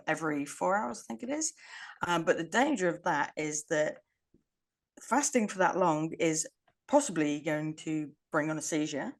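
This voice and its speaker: A woman co-hosting a podcast, chatting casually in a wry, rambling way and laughing often. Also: deep voice. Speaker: podcast co-host. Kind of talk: casual chat.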